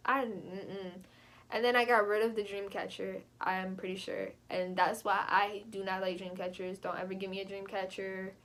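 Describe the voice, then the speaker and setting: A young adult woman telling a personal story in a casual vlog, animated and chatty, leaping up in pitch when she quotes herself. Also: normal speed. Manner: animated, jumps high when quoting herself; chatty, frequent fillers. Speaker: vlogger.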